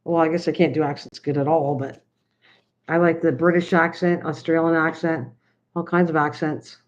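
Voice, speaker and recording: A woman's voice: sits low, little pitch movement, moderate pace. Older woman, rambling chat, crafting livestream, slightly dull lo-fi sound. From United States. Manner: rambling, chatty, talks to viewers while working. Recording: slightly dull lo-fi stream audio.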